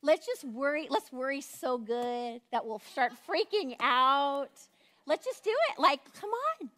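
Woman putting on a wheedling old woman, coaxing, pushy, high and shrill, swelling louder. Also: animated, measured pace.

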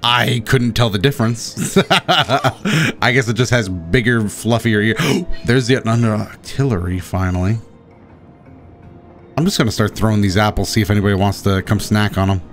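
A man streaming a game, commentating with excitement, often gasping and shouting at the creatures on screen. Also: fairly low pitch, normal speed, soft background music. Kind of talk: excited let's-play commentary.

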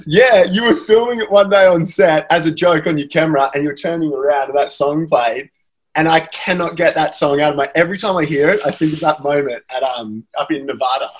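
Australian man with a husky voice. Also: a little high, brisk, low-quality recording. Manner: rambling, self-deprecating. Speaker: guest actor. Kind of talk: casual chat.

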